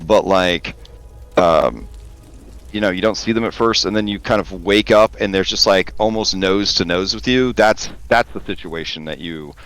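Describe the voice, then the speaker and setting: A man narrating as game master in a relaxed, hesitant way with many pauses and ums. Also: deep voice, smooth.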